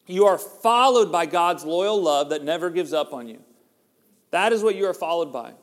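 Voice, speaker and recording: In a church sanctuary, a middle-aged pastor delivers a conversational sermon and jokes with the congregation. His voice is fairly high with lively intonation at a moderate pace, and a long hall reverb surrounds it.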